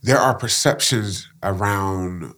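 A man's voice: lowish voice, takes it slowly, a bit bright. A man hosting a podcast interview, affirming his guest often and reflecting on what he says. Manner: affirming, frequent "that's good" and "that's right". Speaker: podcast host. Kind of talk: conversational interview.

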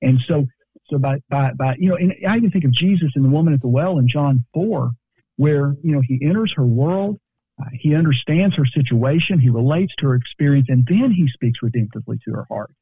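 Gravelly man on a tinny phone line. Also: medium pitch, lively intonation, fairly quick, no echo. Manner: earnest, repeats words as he thinks. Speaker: guest counselor. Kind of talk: podcast conversation.

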